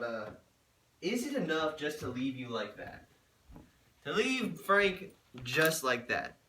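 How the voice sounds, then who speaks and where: A man's voice: on the high side, sharp tone, a little hiss or hum. A man vlogging in a casual, crude and joking way, cursing often. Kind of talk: casual vlog commentary.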